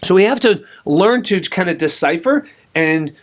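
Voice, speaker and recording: Male podcast host, middle-aged, with a slightly high voice. Chatty storytelling monologue that talks straight to the listener. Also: animated, normal speed.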